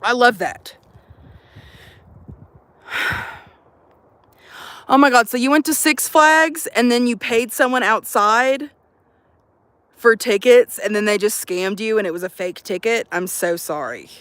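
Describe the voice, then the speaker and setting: A young woman vlogging to her phone outdoors at a campsite, chatting in an animated, profane, jokey way. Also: fairly high pitch, slow pace, pauses often, no echo. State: out of breath. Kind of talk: casual chat to camera.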